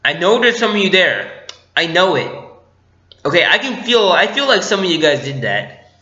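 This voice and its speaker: A man's voice: high-pitched, big pitch swings, normal speed, sharp tone, reverberant, highs cut off. Giggly, jokey man reviewing a movie. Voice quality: jokey, giggly, acts out scenes with voices. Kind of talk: casual spoiler review vlog.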